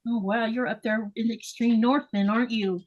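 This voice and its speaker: A woman's voice: fairly high pitch, fairly even intonation, brisk, darkish tone, lo-fi sound. A woman hosting a casual livestream, chatting with guests and reading viewer comments aloud. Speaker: livestream host. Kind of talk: casual live chat.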